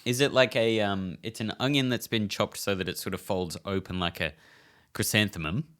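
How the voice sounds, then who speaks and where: An Australian man co-hosting a podcast in casual chat, cracking crude deadpan jokes. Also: on the low side, normal speed. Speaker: podcast co-host.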